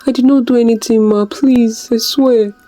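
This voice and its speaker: A storyteller voicing a frightened young housemaid girl who pleads in a shrill, high voice. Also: steady tone, normal speed, dark tone, close to an everyday voice. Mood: terrified pleading. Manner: pleading, begging.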